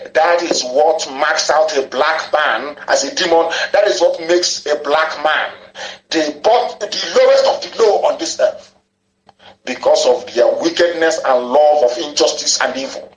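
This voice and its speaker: A man's voice: a little high, moderate pace, echoey room, rough recording. A man giving a fiery, insulting live political broadcast, repeating himself for emphasis.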